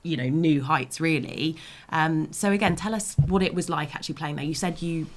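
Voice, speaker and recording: A woman's voice: low-pitched, moderate pace. A woman hosting an interview, asking enthusiastic questions. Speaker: host. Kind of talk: interview host.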